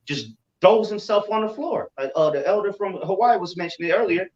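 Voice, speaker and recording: A man telling a story in casual chat, animated, repeating himself and swearing freely. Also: sits high, fairly quick. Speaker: religious group member. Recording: roomy, distant, dull sound.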